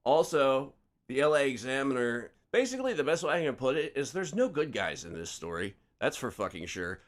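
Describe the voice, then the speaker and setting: A man's voice: medium pitch, very animated, brisk. A man hosting a casual podcast chat, opinionated and swearing freely. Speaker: podcast host.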